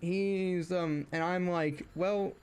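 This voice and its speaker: A man's voice: a little high, expressive, normal speed, darkish tone. A young man streaming, ranting casually about family, rambling with many restarts and fillers and rising when riled. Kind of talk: casual rant while streaming.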